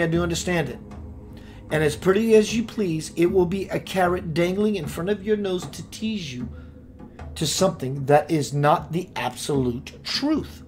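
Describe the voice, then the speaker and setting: A man hosting a spiritual radio show, preaching with playful rhymes and sudden swings between loud and hushed. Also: on the high side. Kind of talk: impassioned spiritual talk.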